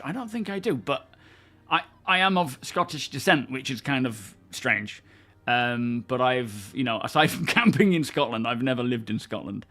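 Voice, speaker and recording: A man's voice: mid-range voice, sharp tone. Chatty English man hosting a livestream. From England. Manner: chatty, answers chat viewers by name, laughs often. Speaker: livestream host. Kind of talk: casual live-stream chat.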